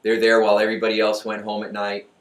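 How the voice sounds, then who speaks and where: A man giving a motivational talk in a chatty, animated way, laughing at his own jokes. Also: fairly low pitch, fast. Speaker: motivational speaker. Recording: echoey room, voice from far off.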